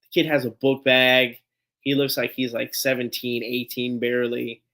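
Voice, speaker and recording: At a moderate pace and medium pitch, a man running a live fan stream for sports spins a loose, lively story. Profanity flows easily and he keeps laughing throughout.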